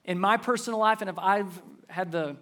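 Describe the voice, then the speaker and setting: High-voiced earnest male preacher. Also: moderate pace. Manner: earnest, building to loud emphatic passages. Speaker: pastor. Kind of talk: sermon.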